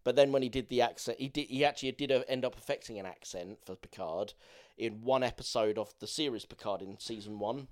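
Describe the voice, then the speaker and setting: A man's voice: medium pitch, fairly quick, a little mellow. A man talks through a film on a podcast in loose, enthusiastic, rambling chat. He has a mid-range voice and swears casually as he goes. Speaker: podcast co-host.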